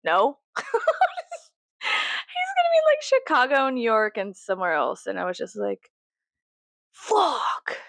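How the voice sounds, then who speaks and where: A woman's voice: a little high, wildly swooping pitch, moderate pace, vocal fry, pauses often, fairly bright tone, dry recording. A young woman from Texas rambling casually and profanely to camera as a vlogger, jokey and chatty.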